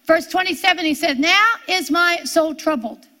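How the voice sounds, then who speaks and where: A woman preaching a sermon, reading scripture slowly and drawing out her words. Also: very high-pitched, pushed and bright. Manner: slow, drawn-out scripture reading.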